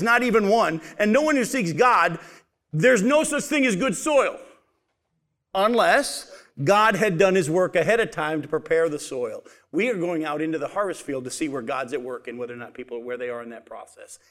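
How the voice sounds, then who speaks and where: A man preaching a sermon, asking his listeners questions and then answering them himself, and calling them folks. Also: on the high side.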